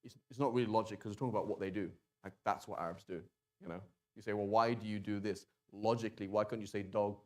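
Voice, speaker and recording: A man teaching a language class in a relaxed, chatty way, often stopping to sound out words slowly and restarting sentences. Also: fairly low pitch. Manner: casual, conversational, with many fillers and restarts. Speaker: Arabic teacher. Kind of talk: classroom lesson.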